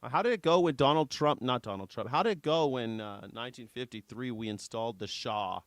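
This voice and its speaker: A man's voice: mid-range voice, lively intonation, brisk, dry recording. A man hosting a live news reaction show, sarcastic, jokey and profane in casual commentary.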